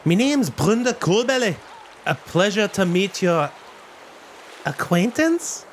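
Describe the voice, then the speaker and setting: Guy doing a crusty old dwarf lady, high voice, swears a lot, rolls her r's. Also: sing-song, takes it slowly, slight background noise, exaggerated voice. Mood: polite. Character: weathered old female dwarf, gruff and swearing.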